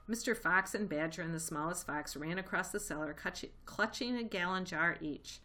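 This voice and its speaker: A woman reading a children's storybook aloud, lively and expressive. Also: on the low side, normal speed, few pauses. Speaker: reader. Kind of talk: storybook read-aloud narration.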